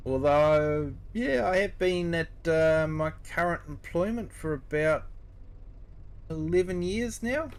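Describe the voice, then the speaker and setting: Slow-talking New Zealand man chatting. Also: fairly high pitch, smooth. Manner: relaxed, chatty, replies to viewers. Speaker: streamer. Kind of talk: casual live-stream chat.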